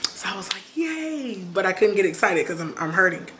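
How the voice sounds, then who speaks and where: A woman telling a personal story on her vlog, lively, acting out quoted voices. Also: lowish voice, fast talker, a little hiss or hum. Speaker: vlogger.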